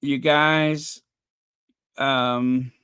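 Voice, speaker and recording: A man's voice: mid-range voice, little pitch movement, drawn-out words, bright, forceful tone, smooth. A man hosting a casual live commentary stream, chatty and exasperated, thinking aloud as he talks to his viewers. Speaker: livestream commentary host.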